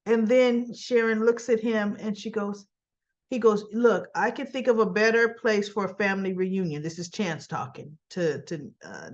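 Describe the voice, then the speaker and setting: A woman's voice: medium pitch, highs cut off. A woman hosting a casual recap, retelling scenes in a chatty way with quoted lines and her own asides. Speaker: soap opera recap host.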